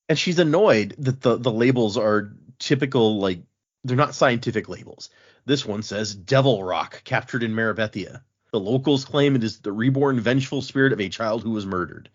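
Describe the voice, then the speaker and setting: A man's voice: mid-range voice, slightly rough, highs cut off. A man on a podcast casually recapping book chapters, acting out the characters' lines as he goes. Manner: animated, acts out characters' lines while recapping. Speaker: podcast co-host.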